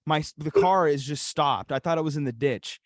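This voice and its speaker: A man's voice: a little high, a little fast, dry recording. A young man with an Upper Peninsula Michigan accent telling a story animatedly, swearing often, as a podcast co-host. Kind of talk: casual storytelling.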